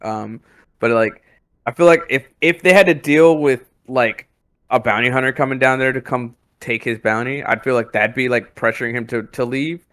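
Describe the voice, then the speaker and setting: A man's voice: mid-range voice, moderate pace, fairly bright tone, no echo. A man co-hosting a podcast, talking casually with lots of hesitations and filler words. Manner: hesitant, full of ums and likes. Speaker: podcast co-host. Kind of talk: casual chat.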